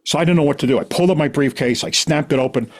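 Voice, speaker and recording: A middle-aged man, a podcast guest, telling a long personal story in an animated, rambling way full of restarts. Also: a little high, rapid-fire. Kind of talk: casual storytelling.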